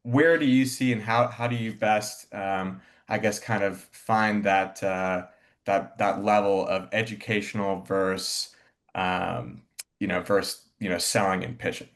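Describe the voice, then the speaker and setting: A man on a panel asking a question in a halting way, often stopping to search for words. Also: fairly low pitch, fairly even intonation. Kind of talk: panel discussion.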